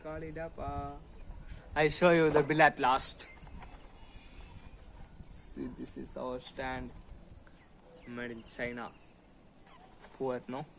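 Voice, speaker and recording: Slow, chatty Indian English man unboxing. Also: mid-range voice, flat delivery, vocal fry, fairly bright tone, a little hiss or hum, low-quality recording. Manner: slow and chatty, humming and making sound effects. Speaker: vlogger. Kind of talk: casual unboxing vlog.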